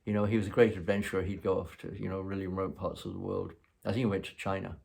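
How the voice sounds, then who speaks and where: A man's voice: low voice, flat delivery, fast, gravelly, a little mellow. A man hosting a show, telling a rambling, casual story with many asides. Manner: rambling, chuckling, full of "you know". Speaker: host.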